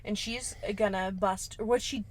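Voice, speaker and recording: A young woman co-hosts a casual podcast, recapping a horror film in a sassy, slangy way. Her voice sits at an ordinary middle pitch. She swears freely and drops in playful asides. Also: steady tone, normal speed. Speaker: podcast co-host.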